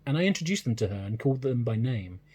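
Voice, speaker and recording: A man reading a classic short story aloud in a measured, even narration. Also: mid-range voice, slightly rough. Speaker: reader.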